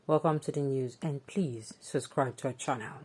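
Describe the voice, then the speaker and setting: Nigerian lady doing news and chatty commentary, deep voice, lots of asides. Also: normal speed, breathy edge. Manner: opinionated, animated, chatty asides.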